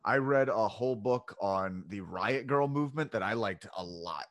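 A man's voice: fairly low pitch, normal speed. A man hosting a podcast in casual chat, loose, rambling and profane. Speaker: podcast host. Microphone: home podcast mic, separate channel.

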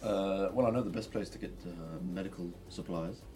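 Low-ish guy at a tabletop game, short laid-back answers, noisy background. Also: steady tone, a little fast. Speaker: player.

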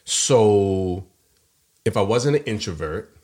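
A man's voice: fairly low pitch, slow pace. A man telling a story, voices in it. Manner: animated storyteller, acts out quoted voices. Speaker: podcast co-host. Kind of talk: casual storytelling chat.

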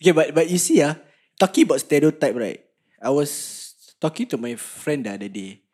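A man's voice: fairly high pitch, very animated, a little fast, a little mellow, slightly rough. A young man with a Singaporean accent co-hosting a casual podcast, bantering crudely with local slang and frequent laughs. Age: young adult. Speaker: podcast co-host. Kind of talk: casual chat.

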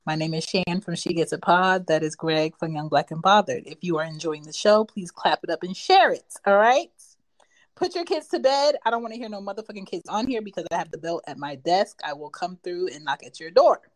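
A woman's voice: lowish voice, expressive, brisk, no room sound. A woman co-hosting a late-night podcast, talking in a brash, profane and teasing way. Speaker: podcast co-host. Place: home desk.

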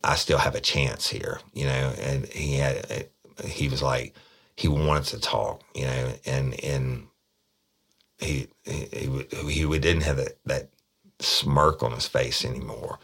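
Speaking slowly with fairly even intonation, a police detective recounts something from his job in a blunt, offhand way. His voice is extremely low yet a bit bright, and he curses freely while stumbling over repeated words.

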